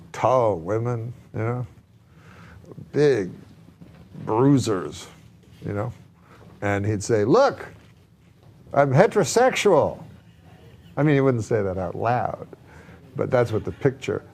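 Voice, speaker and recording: A man and comedian guest answering an interviewer in a dry, deadpan way. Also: on the low side, unhurried, vocal fry, long pauses.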